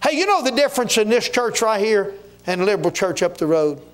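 High-voiced man preaching a fervent sermon. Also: big pitch swings, a little fast. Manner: folksy, exhorting, with storytelling asides. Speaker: guest preacher. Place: church sanctuary.

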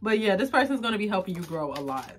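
A woman's voice: mid-range voice, very animated, quick pace, a little hiss or hum. A young woman giving a casual tarot reading to camera, rambling with lots of fillers and close to tears. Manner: rambling, filler-heavy, emotional and tearful at times. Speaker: tarot reader.

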